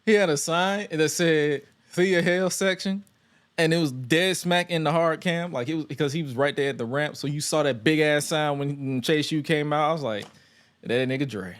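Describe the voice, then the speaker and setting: A man's voice: fairly high pitch, moderate pace, clear, resonant tone. A man co-hosting a casual chat, rambling with lots of "like" and acting out voices. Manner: rambling with many "like" restarts, acts out wrestler voices. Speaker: podcast co-host.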